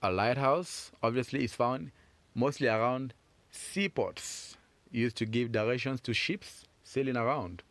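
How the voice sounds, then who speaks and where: Speaking at medium pitch with no echo, a man gives children a French phonics lesson, repeating words slowly and encouraging the learners.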